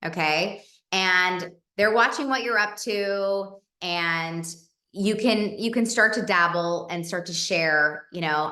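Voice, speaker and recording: A woman's voice: fairly low pitch, moderate pace, pushed and bright, roomy sound. A woman leading a casual team training, chatty and coaching, acting out example messages.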